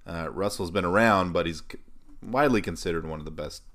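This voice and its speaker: A man co-hosting a casual sports podcast, chatting and running through stats in a relaxed, jokey way. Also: deep voice, fairly quick. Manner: conversational, jokey, stat-heavy. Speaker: podcast co-host.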